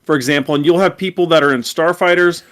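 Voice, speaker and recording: A man co-hosting a fan podcast, telling an excited, rambling story in casual chat. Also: fairly high pitch, quick pace, smooth. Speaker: podcast co-host.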